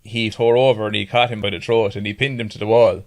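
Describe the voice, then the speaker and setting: A man's voice: fairly low pitch, steady tone, fast talker. Rambling Irish man telling a story. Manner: rambling, swears often, laughs through his story. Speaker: podcast guest. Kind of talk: casual storytelling chat.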